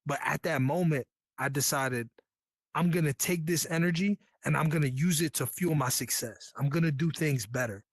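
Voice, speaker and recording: A man from New York tells his Navy story in a casual, candid way, full of slang and earnest asides. His voice sits fairly high, and the sound is close and dry. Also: moderate pace, dry recording. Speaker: Navy veteran guest.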